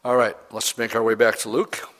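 A middle-aged man preaching as a pastor, reading scripture slowly and then explaining it in plain, conversational words with questions to the congregation. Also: fairly low pitch, flat delivery, fairly bright tone. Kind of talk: verse-by-verse Bible teaching sermon.

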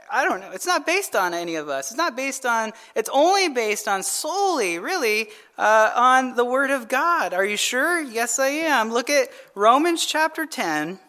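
A man's voice: extremely high pitch, pushed and bright. A male pastor giving a midweek Bible-study sermon in a casual, conversational way, often asking the audience rhetorical questions and chuckling as he tells stories. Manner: chuckles while telling stories.

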